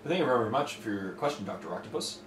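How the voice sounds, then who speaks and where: A man's voice: medium pitch, lively intonation, quick pace, background noise. A man from Toronto hosting a casual Q&A, chatty and enthusiastic, rambling with fillers. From Toronto, Canada. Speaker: host answering viewer questions. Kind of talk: casual chat. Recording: roomy with faint ambience.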